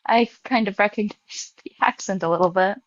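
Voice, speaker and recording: A woman's voice: mid-range voice, fairly quick, no room sound, muffled recording. A young woman chatting in a friendly way on a live stream. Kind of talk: casual live-stream chat.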